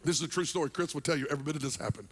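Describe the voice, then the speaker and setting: A male pastor telling a story in a sermon, animated and comedic, swinging between loud punchlines and soft, earnest moments. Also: a little high, very fast.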